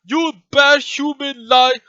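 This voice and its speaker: A man voicing a dim-witted brutish guard creature that speaks in slow, broken grammar. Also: extremely high pitch, fairly even intonation, bright, forceful tone, dry recording, muffled recording, voice pushed up, full character voice. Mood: gruff dim.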